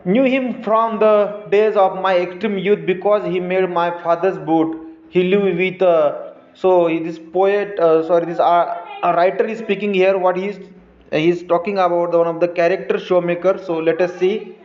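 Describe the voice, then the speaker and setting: A man with a high voice and an Indian English accent reads a story aloud to his students, stopping again and again to explain words. He talks slowly and haltingly, with many fillers and restarts. The recording is dull and lo-fi, in a roomy space. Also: steady tone. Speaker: teacher.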